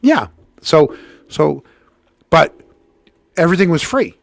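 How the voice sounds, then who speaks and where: A man's voice: slow, vocal fry, no room sound. A man hosting a podcast, telling a long story in casual chat and acting out every quote. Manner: animated storyteller, acts out quotes with big pitch jumps. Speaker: podcast host.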